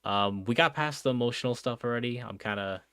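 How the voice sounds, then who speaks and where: Here a young New Jersey guy chats loosely on stream, reading chat aloud, packing in fillers and plenty of "bro" and "dude." His mid-range voice is brisk, bright, forceful and smooth, recorded dry at studio quality.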